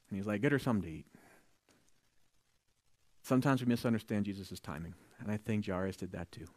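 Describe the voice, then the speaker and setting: Animated male pastor retelling scripture. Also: fairly low pitch, no echo. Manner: animated storytelling, acts out quoted voices; joking asides. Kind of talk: sermon.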